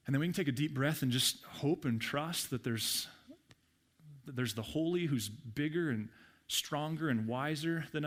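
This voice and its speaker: Middle-aged guy preaching in church, chatty, stumbles and repeats words, average pitch. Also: a bit bright. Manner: conversational, repeats words when starting sentences. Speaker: pastor. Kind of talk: sermon. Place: church sanctuary with congregation.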